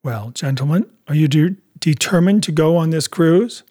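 A man's voice: fairly high pitch, moderate pace, dark tone, lightly acted. A man voicing a blunt, stern ship captain in an audiobook, speaking firmly and directly. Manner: firm, clipped and direct. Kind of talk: audiobook character reading.

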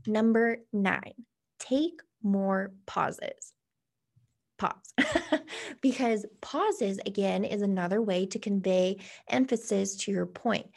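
A woman presenting on-camera tips in a relaxed, instructional tone. Her voice has a gravelly, fry-tinged texture, and she swings her pitch up and down with purposeful pauses. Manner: lively, varied inflection with deliberate pauses. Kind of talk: casual instructional talk to camera. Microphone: camera facing the speaker.

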